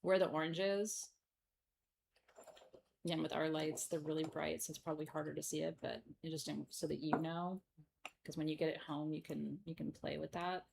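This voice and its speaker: A woman's voice: deep voice, fairly even intonation, moderate pace, gravelly, noisy background. A middle-aged woman hosting a live stream sale, joking and laughing as she shows off stones. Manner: playful, giggly, jokey. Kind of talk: live-stream sales chat.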